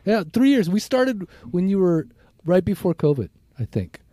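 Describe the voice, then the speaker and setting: A man in his fifties talks through a casual podcast chat, drifting and reflective, often restarting his thoughts. His voice sits a bit high for a man yet sounds soft and mellow, recorded close and dry. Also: very animated, no echo. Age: 50s. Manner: rambling, reflective, halting restarts. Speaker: podcast co-host.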